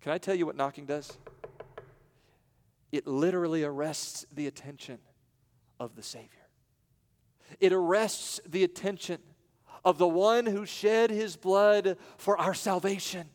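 A man preaching a sermon in a church, with dramatic pauses, and acting out the voices in the stories he tells. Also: high voice, darkish tone, in a large hall. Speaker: pastor. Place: church sanctuary.

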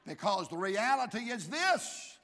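Southern preacher from Georgia, man, bright high voice, comic stories rising to shouts, big hall reverb. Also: big pitch swings, a little slow. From Georgia, USA. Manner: humorous storytelling building to shouted climaxes. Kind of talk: sermon.

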